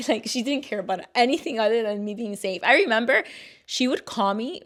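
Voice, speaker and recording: Animated woman telling a personal story. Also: fairly high pitch, fairly quick. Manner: animated, acts out quoted voices. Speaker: podcast co-host. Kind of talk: casual storytelling.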